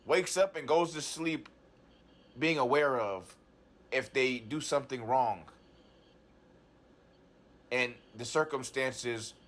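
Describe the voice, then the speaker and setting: Halting, agitated man. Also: medium pitch, fairly bright tone. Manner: halting, repeats words, frequent restarts. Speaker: client in a talk therapy session. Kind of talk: agitated personal account.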